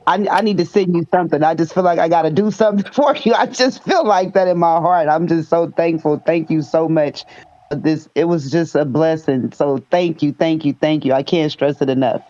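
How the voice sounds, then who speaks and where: A woman's voice: low voice, normal speed, dark tone, lo-fi sound. A woman on a live video call, gushing with thanks and eager to get to work. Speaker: community member and new investor.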